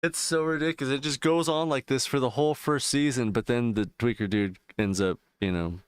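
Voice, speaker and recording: A man's voice: medium pitch, fairly even intonation, a little fast, clear, resonant tone, no echo. Man, streamer, casual rambling chat, profane, lots of fillers, dry close sound. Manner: rambling, profane, loose retelling with frequent fillers. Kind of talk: casual chat while gaming.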